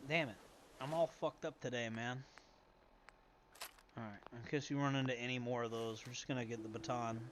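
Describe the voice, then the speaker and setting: Streaming a game, a young man rambles and swears casually, muttering to himself in a steady mid-range voice. He speaks a little fast but pauses often, and there's background noise.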